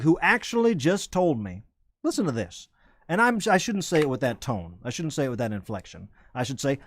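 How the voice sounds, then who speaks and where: A man's voice: mid-range voice, no echo. A man hosting a comedy web show, rambling and self-correcting while hyping merchandise like a salesman. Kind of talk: rambling comedic live-stream chat.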